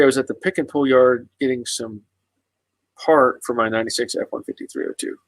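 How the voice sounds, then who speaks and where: A man's voice: mid-range voice, a bit bright, no room sound, low-quality recording. A man hosting a casual live stream, answering viewers' comments in an easygoing, rambling way with many fillers and restarts.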